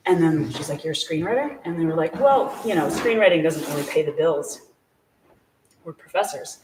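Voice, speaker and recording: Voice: mid-range voice, lively intonation, brisk, noisy background. A guest telling a personal story at a live event, chatty and full of fillers, laughing often. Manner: chatty, filler-heavy with frequent "like". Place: small shop hosting a live event. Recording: echoey room, voice from a distance.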